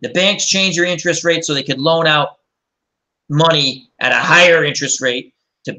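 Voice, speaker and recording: A man's voice: a little high, moderate pace, bright, forceful tone. A man hosting a casual chat and telling rambling, anecdotal stories. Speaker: host.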